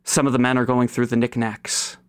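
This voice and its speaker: A man's voice: mid-range voice, flat delivery, a little fast, smooth, no room sound. A man running a tabletop game, narrating the scene dramatically for the players. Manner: dramatic storytelling, dropping to whispers. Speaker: game master.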